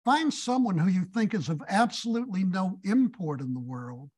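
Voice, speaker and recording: Brief: wise old rabbi, as a lecturer quotes him, calm, firm, unmoved. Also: male voice, sits high, moderate pace, slightly rough.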